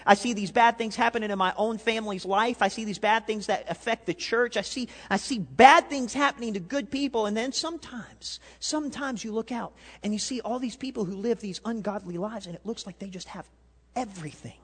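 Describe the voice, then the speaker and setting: A male pastor preaching a sermon, animated, swinging between loud and quiet and asking the congregation questions. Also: sits high, fairly quick, slightly rough. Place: church sanctuary. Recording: long hall reverb.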